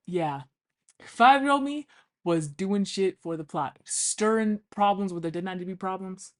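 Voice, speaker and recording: A woman's voice: medium pitch, moderate pace. A young woman telling funny childhood stories in a chatty, casual way, swearing freely and acting out what people said. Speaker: vlogger. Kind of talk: casual storytelling.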